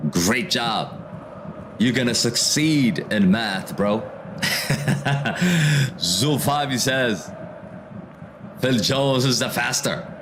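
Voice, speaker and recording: A man hosting a football watchalong stream, reading viewer comments aloud and reacting to the match in a relaxed, slangy way. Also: medium pitch, drawn-out words, long pauses, noisy background. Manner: reads viewer comments aloud and answers them, calls out match action, slangy "bro". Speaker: livestream host reading chat during a football watchalong. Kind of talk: casual live commentary and chat reading.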